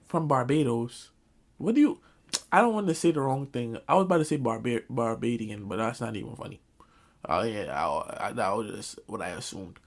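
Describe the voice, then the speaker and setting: Animated young man telling a comic story. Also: medium pitch, normal speed, creaky. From Jamaican family, Caribbean community. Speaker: vlogger. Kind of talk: storytime vlog.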